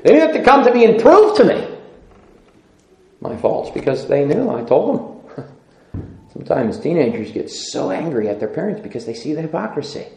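A man's voice: fairly high pitch, sing-song, normal speed, pauses often, a little mellow. Emphatic male preacher in echoey room. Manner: emphatic, repeats phrases, laughs often. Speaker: pastor. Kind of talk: sermon.

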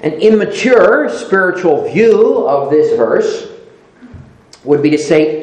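Lively, emphatic male preacher in an echoey room. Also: moderate pace. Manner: reads scripture aloud, then rises in pitch on repeated emphatic words. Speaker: pastor. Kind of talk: sermon.

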